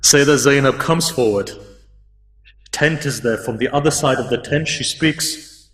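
A man's voice: medium pitch, moderate pace, a bit bright, big-room sound, distant mic, poor audio. A man preaching a mourning sermon, retelling a religious story with an impassioned, repetitive storytelling cadence.

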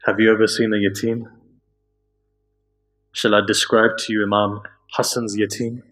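A man preaching a sermon, slowing down and rising to high, impassioned pleading as he tells stories. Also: level tone, fairly bright tone, faint music behind. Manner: slow, drawn-out emphasis. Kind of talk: emotional religious sermon.

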